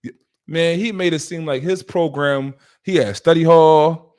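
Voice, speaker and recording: Man telling a lively story. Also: on the high side, unhurried. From West Philadelphia. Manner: acts out quoted dialogue with shifting voices. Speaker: podcast host. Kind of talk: animated storytelling.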